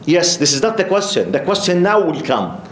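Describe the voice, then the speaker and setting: Jordanian man giving a lively religious talk. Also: high voice, a little fast, a little hiss or hum. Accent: Jordanian Arabic. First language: Arabic. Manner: lively, laughing, repeats words. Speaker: Islamic studies lecturer. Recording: roomy echo.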